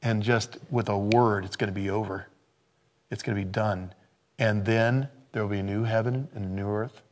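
A man in his sixties, a pastor giving an informal sermon, who swings between loud exclamations and hushed tones. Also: fairly low pitch, steady tone, normal speed. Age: 60s.

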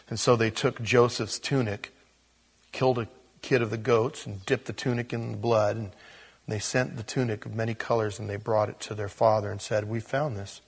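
A man's voice: on the low side, little pitch movement, normal speed, husky. A man preaching in a casual teaching style, reading scripture and adding chatty asides with little acted-out quotes. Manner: casual, chuckles at his own asides, acts out quotes. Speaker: pastor. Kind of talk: conversational Bible teaching.

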